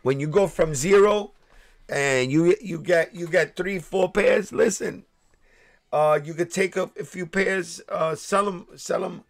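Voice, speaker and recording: This New Yorker speaks at a measured pace in a voice that sits high. He runs a laid-back sneaker livestream, sincerely calling out viewers by name and frequently starting his sentences over.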